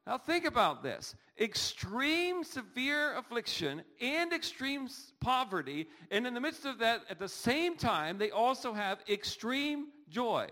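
A middle-aged man preaching from the pulpit in a noticeably high voice. He speaks earnestly and leans on rhetorical questions, pressing harder as he makes his points. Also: very animated, measured pace, few pauses, sharp tone. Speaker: pastor. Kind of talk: sermon.

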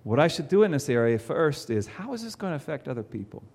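A man preaching a sermon, reading scripture aloud and voicing imagined objections in an animated way. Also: fairly high pitch, fast talker, breathy edge, in a large hall. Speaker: pastor.

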